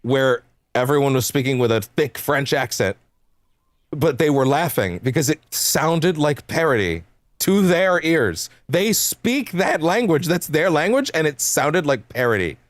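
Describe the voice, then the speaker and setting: A man's voice: a little high, measured pace, no room sound. Rambling, laughing young man streamer. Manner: rambling, animated, laughs often, swears casually. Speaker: game streamer. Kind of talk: casual chat while livestreaming.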